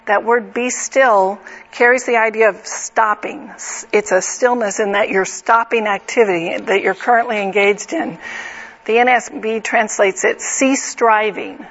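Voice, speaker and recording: A woman's voice: medium pitch, a bit bright, breathy edge. A middle-aged woman teaching a Bible study group in an earnest, conversational way, asking the group direct questions. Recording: slightly dull lo-fi recording.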